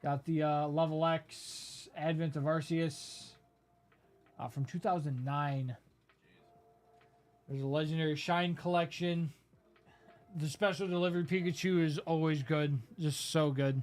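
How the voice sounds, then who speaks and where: A man's voice: on the high side, fairly even intonation, a little slow, darkish tone. A man hosting a live card-break stream, rambling through a list of items with lots of fillers. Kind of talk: casual live-stream commentary.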